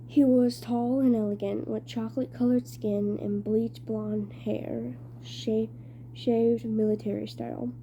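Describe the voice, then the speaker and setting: A woman reads a novel aloud at a very slow pace, stumbling and restarting often. Her voice is dark and mellow, pitched slightly high. A faint hum sits behind her. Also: flat delivery, lo-fi sound. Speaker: reader.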